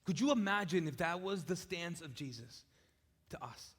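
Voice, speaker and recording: A man, a pastor, giving a live conversational sermon in a large church, repeating his phrases and moving between soft and loud. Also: high-pitched, lively intonation, normal speed, slightly rough. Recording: live church hall with long reverb.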